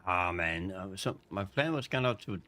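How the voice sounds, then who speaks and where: A man streaming a video game, commenting casually in a halting, rambling way. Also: low-pitched, lively intonation, bright, forceful tone. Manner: rambling, halting, self-correcting. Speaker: gaming streamer. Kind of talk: casual let's-play commentary.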